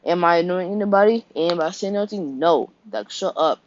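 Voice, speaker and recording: A man's voice: high voice, normal speed, a little hiss or hum. A young man casually retelling an improvised fan story, rambling, correcting himself and dropping offhand asides. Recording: dull lo-fi recording.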